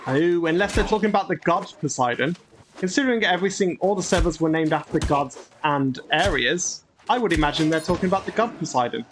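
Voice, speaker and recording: A man's voice: on the high side, lively intonation, brisk, slight background noise. A man hosting a gaming channel, giving chatty, grumbling, self-mocking commentary as he plays. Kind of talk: gameplay commentary.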